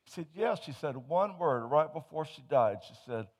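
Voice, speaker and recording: A man preaching a sermon, telling humorous stories and swinging from hushed to loud as he tells them. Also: a little high, lively intonation, normal speed.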